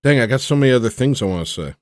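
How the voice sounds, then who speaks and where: A man's voice: mid-range voice, expressive, racing, no echo, clean studio sound. A man hosting a livestream, chatting casually in a rambling, sarcastic way and mocking what others say. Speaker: livestream host.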